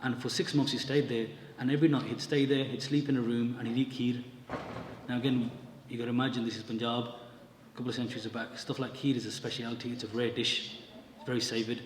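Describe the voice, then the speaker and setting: A man's voice: medium pitch, flat delivery, a little fast. A man telling a religious story as a lecture, acting out the quotes and mixing in Punjabi words. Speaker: Sikh scripture teacher. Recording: echoey hall from far off, faint ambience.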